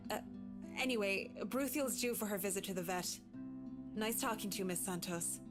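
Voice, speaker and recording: A polite, reserved lady with a pet dog, put on by a man, speaking in a raised, courteous voice. She sounds a little apologetic, and faint music plays softly behind her. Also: sits high, moderate pace, lightly acted. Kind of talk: visual novel voice reading.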